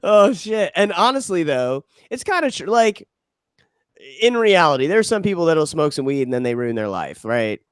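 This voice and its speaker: A man's voice: fairly high pitch, normal speed, clean tone, no echo, clean studio sound. A man co-hosting a podcast, chatting casually, swearing freely and laughing as he retells funny videos. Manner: profane, laughing, animated retelling with quoted voices. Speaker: podcast co-host.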